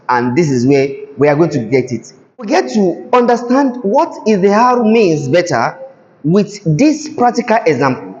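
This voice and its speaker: A man teaching Tajweed who explains patiently, repeats example words slowly, and keeps asking the listener "can you see?". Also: on the high side, darkish tone. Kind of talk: classroom-style recitation lesson. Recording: dull lo-fi sound in a reverberant hall.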